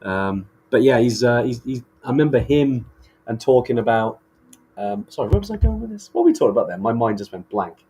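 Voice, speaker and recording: A man's voice: medium pitch, very animated, fairly quick, warm tone, slightly rough. A man co-hosting a podcast in casual chat, enthusiastic and rambling with many restarts. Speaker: podcast co-host.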